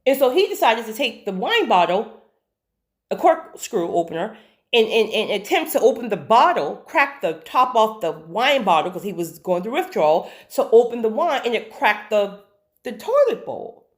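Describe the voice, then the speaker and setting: A woman telling a personal story to her viewers, chatty and animated, with asides and faith talk. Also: on the high side, moderate pace. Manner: faith-based talk of God and spirits. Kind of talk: casual storytelling.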